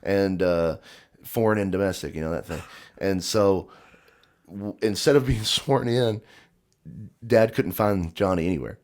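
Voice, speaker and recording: A deep-voiced man speaks a little slowly as he hosts a podcast. His casual storytelling is lively, with the voices of the people in his tales acted out and plenty of laughter along the way.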